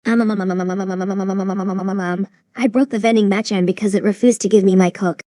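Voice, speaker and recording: A synthetic woman's voice playing a hot-tempered, foul-mouthed young female pony in cartoon dialogue, speaking in an even, machine-like rhythm. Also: mid-range voice, quick pace, no echo, clean studio sound, close to an everyday voice. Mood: nervous. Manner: swears constantly, demanding.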